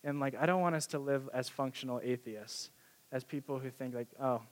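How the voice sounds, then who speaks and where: A young man preaching a sermon in a casual, excited, conversational way, with many fillers. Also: mid-range voice, brisk.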